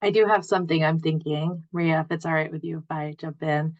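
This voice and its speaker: A woman's voice: low-pitched, little pitch movement, a little fast, highs cut off. A woman guest on a podcast, a mother, chatting casually in a bubbly way, laughing often and using lots of fillers. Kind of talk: casual chat.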